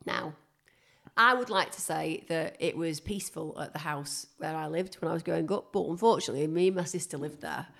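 A woman's voice: low voice, a little fast, gravelly. A woman in casual chat, telling stories about her family in a chatty, digressive way. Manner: chatty storyteller, digresses, animated.

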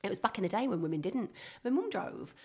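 A woman's voice: medium pitch, quick pace, over a noisy crowd. A woman in casual chat, telling stories about her family in a chatty, digressive way. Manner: chatty storyteller, digresses, animated.

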